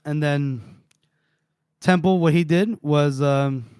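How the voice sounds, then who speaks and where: A man's voice: on the high side, darkish tone, clear, resonant tone, dry recording, clean studio sound. Laughing man recapping a novel. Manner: retells scenes with quick put-on voices, laughs often. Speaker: podcast co-host. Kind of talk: casual book-club recap.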